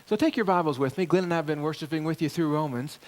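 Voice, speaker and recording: A man's voice: on the high side, fast. A middle-aged male pastor preaching a sermon in church, pressing hard on key phrases and stepping through the verses to the congregation. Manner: animated preaching, rising emphasis on key phrases.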